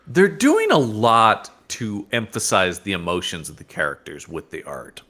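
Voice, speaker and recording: Guy cohosting a comics podcast, jokey, bright voice that bounces around a lot. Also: on the low side, moderate pace. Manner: jokey, animated, restarts sentences. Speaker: podcast co-host. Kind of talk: casual comic book discussion.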